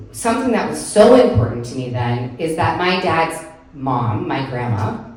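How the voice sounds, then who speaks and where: A woman telling a heartfelt personal story on stage at a live story slam, in an earnest way with frequent "like" fillers. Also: deep voice. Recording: echoey room, picked up from far off.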